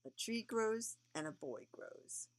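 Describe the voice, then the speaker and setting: A sleepy, yawning woman reading a picture book aloud to a young child, with gentle, chatty asides. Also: a little high, animated, slow. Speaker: reader to a child.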